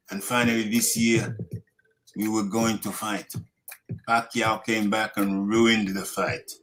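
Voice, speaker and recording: A man voicing an adult male boxer, reading a respectful statement slowly and solemnly in a put-on mock accent. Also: low voice, bright, forceful tone, slight background noise, pitched below the performer's own voice, exaggerated voice, rough recording.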